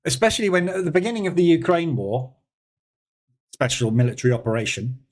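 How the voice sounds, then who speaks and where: A man's voice: on the high side, sing-song, fairly quick, a little mellow. Give me a sarcastic British man casually hosting a live stream and replying to viewers. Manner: sarcastic, chatty, reads and answers viewer comments. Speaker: trading room host.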